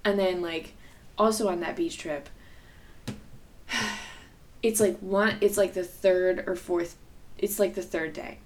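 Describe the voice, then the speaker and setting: A woman's voice: on the low side, fairly even intonation, slow pace, pauses often, slight background noise. A young woman co-hosting a podcast, telling a personal story in casual, rambling chat full of fillers. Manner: rambling, filler-heavy, candid and profane. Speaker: podcast co-host.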